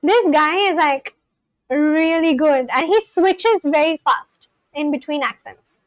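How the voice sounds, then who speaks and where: A woman's voice: high-pitched, slow, dry recording, low-quality recording. A woman casually rambling on a livestream, reading out viewer comments and answering them. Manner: rambling, reads chat aloud and answers it. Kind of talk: casual live-stream chat.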